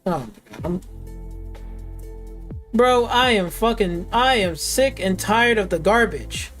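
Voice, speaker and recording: A woman's voice: mid-range voice, lively intonation, takes it slowly, fairly bright tone, faint music behind. A woman streamer ranting with angry, sarcastic, profane commentary at her gaming PC. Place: at a desktop gaming PC.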